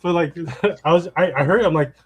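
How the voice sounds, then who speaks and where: A man in a casual podcast chat, speaking hesitantly with frequent "like" and halting starts. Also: on the high side. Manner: hesitant, halting, many "like" fillers.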